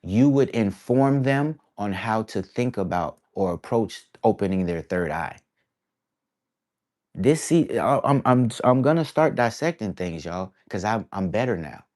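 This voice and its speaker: A man with a fairly low voice speaks casually to camera as an artist sharing his thoughts. He rambles and reflects, drops slang like "bruh" and "y'all" throughout, and circles back on his ideas. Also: animated, unhurried, darkish tone. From East Coast of the United States. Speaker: artist vlogger.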